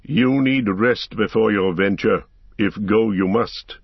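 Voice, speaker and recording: A man's voice: on the low side, slow pace, vocal fry, husky, no room sound, full character voice. A man voicing a proud, fervent tall warrior in an audiobook, impassioned, pleading and raging. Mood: eager. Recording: slightly dull lo-fi recording.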